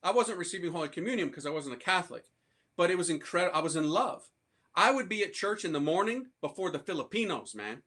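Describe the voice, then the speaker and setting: A man from the United States, a priest, giving a casual and animated conversion testimony to an audience in slangy speech. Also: sits high, fast talker.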